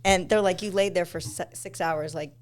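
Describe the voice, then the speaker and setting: A woman's voice: lowish voice, fairly even intonation, moderate pace, noisy background. A woman podcast host, talking in a chatty, supportive way and swapping her own experiences with her guest. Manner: chatty, supportive, frequent affirmations. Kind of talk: conversational interview.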